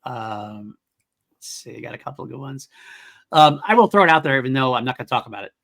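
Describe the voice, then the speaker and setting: A man co-hosts a casual podcast chat in a bright, ringing voice. He talks in an animated way, laughs often and keeps restarting his sentences. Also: medium pitch, fast, gravelly. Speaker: podcast co-host.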